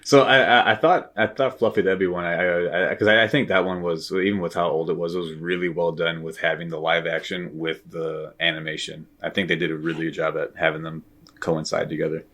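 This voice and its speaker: A man co-hosting a casual podcast chat, relaxed and dryly teasing, stumbling into restarts. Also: low-pitched, brisk. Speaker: podcast co-host.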